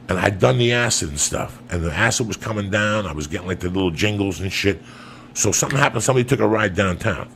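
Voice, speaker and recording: A man's voice: on the low side, expressive, quick pace, gravelly, a bit bright, slight background noise. A man, a comedian and podcast host, telling a long profane story in a rambling, loose way.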